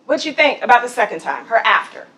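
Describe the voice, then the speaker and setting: A woman's voice: a little high, big pitch swings, quick pace, bright, forceful tone, low-quality recording. A woman leading a corporate training session on voice, speaking to a group, asking questions and laughing now and then. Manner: coaching, asks the group questions, laughs often. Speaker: voice and presence trainer. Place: office training room.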